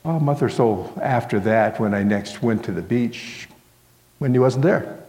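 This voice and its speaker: A man's voice: medium pitch, measured pace, warm tone. A male pastor telling a story in a sermon, in a folksy way that fills it with "well" and "kinda". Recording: long hall reverb.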